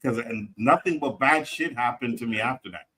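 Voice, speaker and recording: A man's voice: medium pitch, normal speed, sharp tone, slightly rough, poor audio. A man co-hosting a casual panel chat, telling a personal story and often checking in with "right?". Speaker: podcast co-host.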